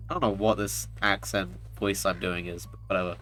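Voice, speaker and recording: A man's voice: sits low, steady tone, fairly quick, few pauses, a bit bright, soft background music. A man streaming a video game, giving casual commentary in a wry, self-mocking way.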